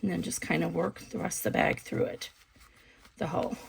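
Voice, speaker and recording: Woman walking thru a sewing tutorial, gravelly kinda husky voice, laid back. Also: on the low side, brisk. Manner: relaxed step-by-step explaining with ums. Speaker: sewing instructor. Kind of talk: casual craft tutorial.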